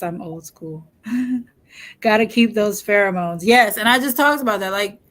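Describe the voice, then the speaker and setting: A young adult woman hosting a casual chat, talking frankly and joking, often laughing. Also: mid-range voice. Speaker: host.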